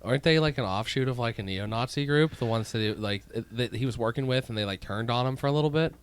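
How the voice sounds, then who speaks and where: A man's voice: medium pitch, fast, clean tone. A young man co-hosting a casual podcast chat, laid-back and jokey. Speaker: podcast co-host.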